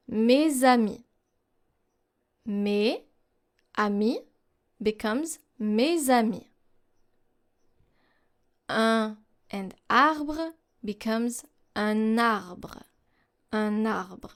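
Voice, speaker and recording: Slow, careful woman teaching pronunciation. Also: on the high side. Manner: slow and deliberate, models words for repetition. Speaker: French teacher. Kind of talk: slow instructional explanation.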